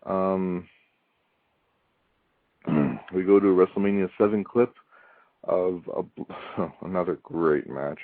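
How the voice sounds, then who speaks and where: Deep-voiced man on a tinny line. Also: slow pace, long pauses, no echo. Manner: rambling, frequent ums, wry asides. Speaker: podcast host reviewing wrestling. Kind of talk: casual solo review. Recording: tinny phone-like line, dry.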